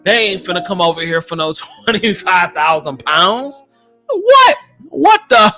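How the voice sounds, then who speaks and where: Male podcast host from the US, blunt and animated, voice on the higher side, riffing on news items. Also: moderate pace, soft background music. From United States. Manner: animated, blunt, exclaiming reactions. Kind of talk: casual commentary on news articles.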